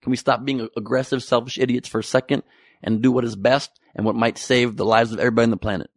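A man's voice: mid-range voice, little pitch movement, fast, no room sound, studio quality. A man delivering an exasperated, sarcastic comedic rant.

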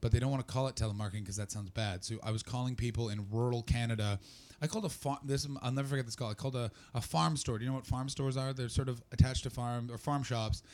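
Performing stand-up for a live audience, a man tells a story with real animation and gets loud whenever he acts out the scenes. His pitch is medium, and he talks quickly with few pauses.

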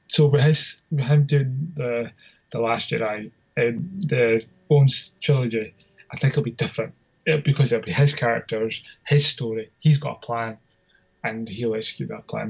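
A man's voice: medium pitch, creaky, darkish tone, breathy edge, highs cut off. A Scottish man co-hosting a podcast, rambling through his opinions in a casual, self-deprecating way. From Scotland. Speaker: podcast co-host.

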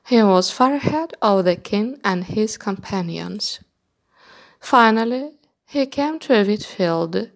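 Slow, gravelly woman reading a storybook. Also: medium pitch, expressive. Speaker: narrator.

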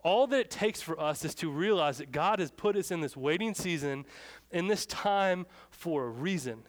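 A man's voice: fairly high pitch, expressive, moderate pace. A young adult man preaching a sermon in a casual storytelling way, acting out the lines of people in his story. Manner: casual, storytelling, acts out shouted dialogue. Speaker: pastor.

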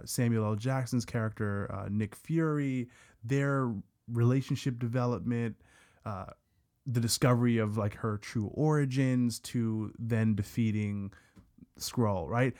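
A man's voice: mid-range voice, unhurried, a little mellow. Rambling man on a casual podcast. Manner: rambling, stammering restarts. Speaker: podcast co-host.

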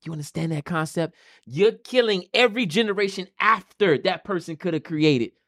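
Brief: man, high-pitched, emphatic preachy talker, dry close sound. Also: animated, normal speed, fairly bright tone, dry recording. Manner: emphatic, preachy, repeats key phrases. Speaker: podcast co-host. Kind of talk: casual podcast discussion.

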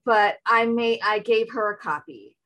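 A woman's voice: on the high side, measured pace, fairly bright tone, rough recording. A woman in casual interview chat, telling an eager, rambling fan story with many restarts. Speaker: fan recounting meeting an actor.

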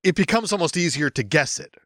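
A man's voice: a little high, lively intonation, quick pace, a bit bright, no room sound. Brief: male podcast co-host, casual and thinking aloud, dry close mic. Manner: musing, trails off and restarts. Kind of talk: casual film chat.

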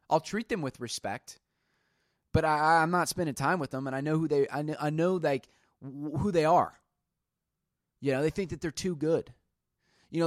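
A man hosts a solo podcast, venting about everyday pet peeves in a conversational rant. His voice sits a little high for a man, and the close mic leaves it dry with no room sound. He retells arguments by quoting both sides. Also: dry recording. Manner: ranting, retells arguments with quoted back-and-forth. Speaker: podcast host.

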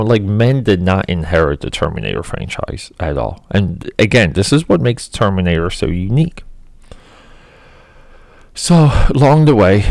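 A man's voice: sits low, vocal fry, a little mellow, no echo, studio quality. A man giving casual, rambling, opinionated movie commentary, full of "you know" and "like". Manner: rambling, filler-heavy, opinionated. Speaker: film commentator.

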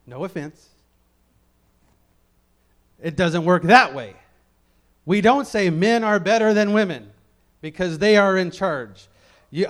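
A middle-aged man preaching a Bible-teaching sermon in a conversational way, with joking asides and key phrases repeated for emphasis. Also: high voice.

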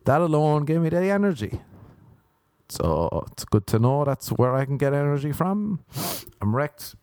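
A young Irish man hosts a podcast alone, spinning meandering, self-mocking stories in a rambling monologue. His voice sits on the high side, very animated and a little mellow, at a moderate pace, and the recording is dry.

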